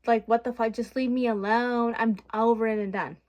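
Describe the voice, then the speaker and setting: A woman's voice: on the high side, fairly even intonation, moderate pace, darkish tone. A young adult woman vlogging from her bedroom, rambling frankly and venting with swearing in a casual chat.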